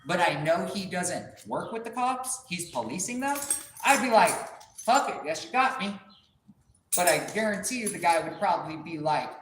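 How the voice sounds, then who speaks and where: This shop vlogger tells a story in a car workshop, rambling and swearing a lot while animatedly acting out what others said. He has a high voice and a moderate pace, and the echoey room carries faint noise.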